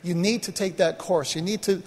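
A man's voice: high voice, steady tone, moderate pace, slightly rough, in a large hall. A middle-aged man preaching a sermon as pastor, in a folksy, conversational way full of rhetorical questions and restarts.

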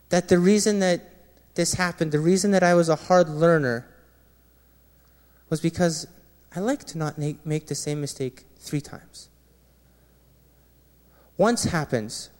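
A man, a former Marine, sharing an earnest personal testimony with a gathering, often dropping quiet and low at painful moments. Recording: long reverb of a large hall.

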